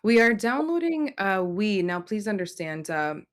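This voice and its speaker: A woman channeling a serene ancient Earth mother spirit, speaking in slow, measured, solemn pronouncements. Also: mid-range voice, big pitch swings. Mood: explaining. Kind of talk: spoken channeling.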